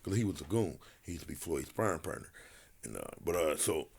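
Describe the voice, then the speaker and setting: A man's voice: rumbling low, fairly quick, vocal fry, slightly rough. A man, a retired boxer and podcast guest, telling a story in casual, profane talk and acting out each person's lines. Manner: animated storyteller acting out quotes, profane, laughing.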